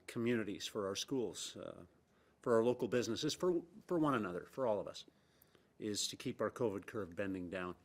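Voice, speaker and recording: A middle-aged man, a provincial premier, reading a formal press briefing statement in a measured way, pausing often with "uh" and repeating key words for emphasis. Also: on the low side. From Canada.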